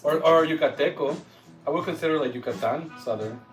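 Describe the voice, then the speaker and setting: A man from San Diego co-hosting a casual cooking livestream, giving short laid-back replies and shout-outs to viewers. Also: fairly high pitch, fast. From San Diego, California, USA. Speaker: livestream co-host. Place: home kitchen. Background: background music.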